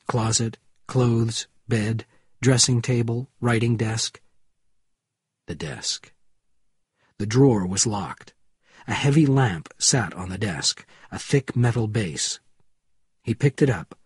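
A man with a husky, mid-pitched voice narrates an audiobook in a steady, measured way. The sound is close and dry, with no room around it. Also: no echo.

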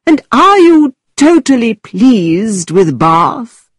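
A playful, theatrical young gentleman, as a woman reads him aloud, all mock-formal politeness and teasing. His lines rise and fall with lively swings of pitch. The voice is soft and a little breathy, recorded close and dry. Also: takes it slowly, dry recording, heavily acted. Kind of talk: storybook reading.

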